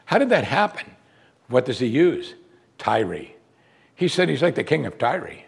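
A man preaching a sermon as pastor, swinging between loud exclamations and hushed asides. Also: mid-range voice, very animated, unhurried, vocal fry, slightly rough.

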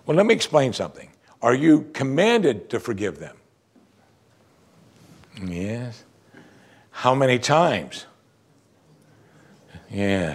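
A middle-aged male pastor preaching an animated sermon, acting out what people say to him. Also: mid-range voice, vocal fry, husky. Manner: animated preaching, quoting congregants in mock voices.

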